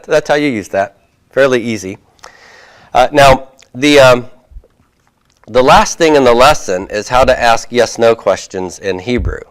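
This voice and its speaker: Slow, deliberate male Hebrew teacher. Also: fairly low pitch. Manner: slow, deliberate explanation with frequent fillers and check-ins; writes on a board while he talks. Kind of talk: recorded classroom lecture.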